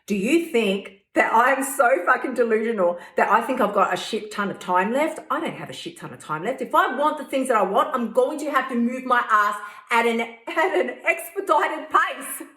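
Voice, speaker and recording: A woman's voice: fairly high pitch, animated, normal speed, few pauses, pushed and bright. A woman hosting a weight-loss coaching podcast, blunt, profane and fired-up. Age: 50s. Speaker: host. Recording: roomy echo.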